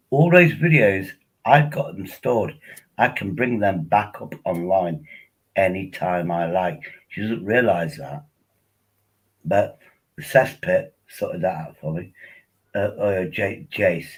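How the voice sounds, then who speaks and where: A man's voice: low-pitched, unhurried, slightly rough, rough recording. A tipsy man rambling casually as he hosts a live stream, coaxing viewers to join him on air. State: tipsy from drinking. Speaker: livestream host.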